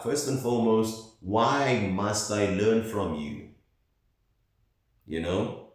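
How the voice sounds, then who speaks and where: Man from South Africa, low voice, unhurried earnest ramble; recorded roomy and distant. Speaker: vlogger. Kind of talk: casual monologue to camera. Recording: very echoey, far from the mic.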